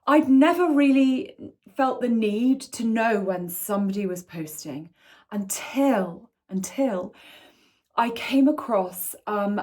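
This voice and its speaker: A woman vlogging casually at home, gushing and excitable, often dropping into soft whispers. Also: medium pitch. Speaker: lifestyle vlogger. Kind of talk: casual chat to camera. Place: home indoors.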